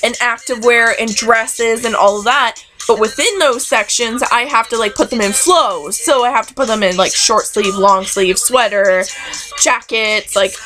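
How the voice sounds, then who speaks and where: A woman's voice: fairly high pitch, normal speed, fairly bright tone, soft background music. A young woman who works in a store fitting room, ranting casually and sarcastically about customers, with a constant "like". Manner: exasperated, sarcastic, heavy use of "like", acts out customers.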